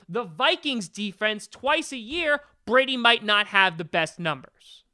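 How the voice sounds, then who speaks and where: A man's voice: very high-pitched, sharp tone. A man hosting a sports podcast, ranting in an exasperated, emphatic way. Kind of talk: opinionated sports rant.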